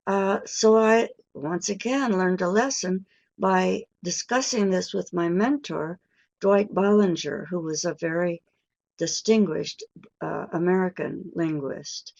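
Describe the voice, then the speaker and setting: An older woman teaching pronunciation in a webinar lecture, speaking deliberately and stretching key words for emphasis. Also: lowish voice, vocal fry, darkish tone. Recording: dull lo-fi webinar audio.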